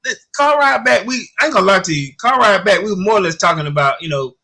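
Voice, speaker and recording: High, bright rambling storyteller man. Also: lively intonation, fast. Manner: rambling storyteller, repeats "I ain't gonna lie to you". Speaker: guest commentator. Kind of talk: casual sports chat.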